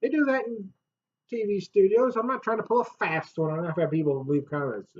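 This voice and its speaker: A man's voice: big pitch swings, normal speed. Male beer vlogger, casual and joking, laughs a lot; slightly dull lo-fi sound. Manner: chatty and jokey, laughs often, swings up loud and high. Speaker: beer reviewer. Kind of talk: casual beer review vlog.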